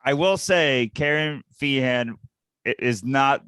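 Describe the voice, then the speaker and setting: A man's voice: mid-range voice, slow pace, fairly bright tone, clear, resonant tone, dry recording. Teasing man chuckling in a dry room. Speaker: podcast co-host. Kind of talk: casual chat.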